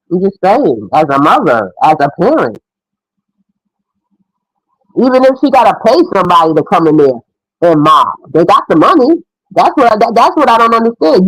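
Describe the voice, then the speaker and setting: A woman's voice: medium pitch, no echo, poor audio. Middle-aged lady ranting her opinion, chatty and frank, dry close sound. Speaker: commentator. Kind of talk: casual commentary.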